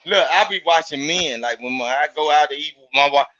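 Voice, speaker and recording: A man's voice: on the high side, fairly quick, bright, forceful tone. A man from Mississippi chatting casually, profane and emphatic, repeating himself to hammer a point home. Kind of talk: casual chat. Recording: lo-fi recording.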